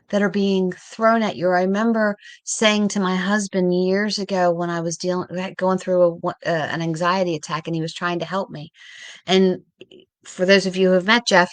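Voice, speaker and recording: A woman hosting a reflective spiritual talk, speaking in short, measured phrases with pauses. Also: on the low side, fairly even intonation, no echo.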